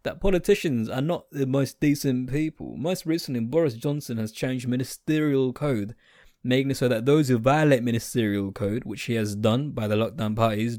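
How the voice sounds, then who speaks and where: A man's voice: medium pitch, darkish tone, no echo, clean studio sound. Blunt, sarcastic British man. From United Kingdom. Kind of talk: opinionated monologue.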